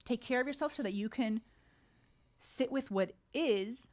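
A woman's voice: fairly high pitch, a little slow, darkish tone. A woman in her thirties, a coach and podcast guest, telling her story in a casual interview and acting out her own inner thoughts.

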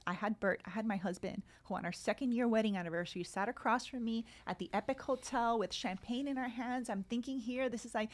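Guest read: woman, 30s, fairly high voice, animated storyteller who slips into quoted dialogue, casual interview. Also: quick pace, few pauses. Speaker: podcast guest.

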